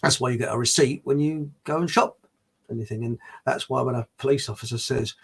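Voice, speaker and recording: Husky man, rambling live chat. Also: mid-range voice, fairly quick. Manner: rambling, chuckles often. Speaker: live-stream host. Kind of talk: casual live-stream chat answering viewers.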